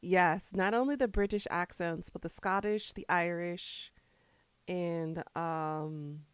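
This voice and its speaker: A woman's voice: fairly low pitch, fairly even intonation, slow, clean tone, no room sound. A woman streamer chatting casually with her viewers, rambling between topics and answering chat while she eats.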